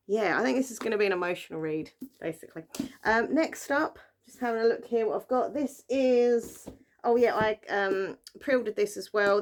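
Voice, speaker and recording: A young woman chatting casually about books she bought, rambling with plenty of fillers. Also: mid-range voice. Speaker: book vlogger. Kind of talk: casual book haul chat.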